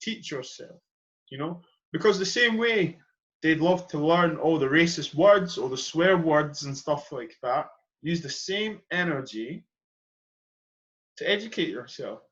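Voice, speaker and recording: On dull-sounding audio, a young man from Edinburgh, Scotland, hosts a podcast in a slightly high, somewhat bright voice. He earnestly and passionately works through a conversational monologue, underlining and repeating what matters most.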